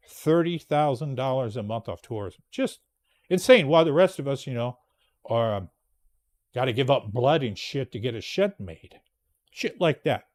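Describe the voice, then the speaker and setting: A man hosts his show in a loose, rambling monologue. His voice sits slightly high and moves a lot in pitch. He is blunt and drops profanity casually as he tells the story. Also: darkish tone. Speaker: podcast host.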